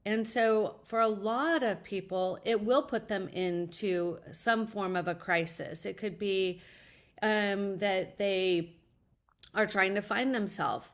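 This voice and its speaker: A woman's voice: medium pitch, slow pace. A middle-aged woman, a college advisor, answering an interview question with earnest, upbeat personal stories.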